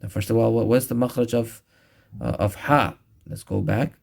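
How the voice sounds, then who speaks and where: A man teaching a recorded Quran recitation lesson, patiently explaining where each sound is made and repeating each one slowly. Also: fairly low pitch, fairly even intonation, vocal fry, a little mellow.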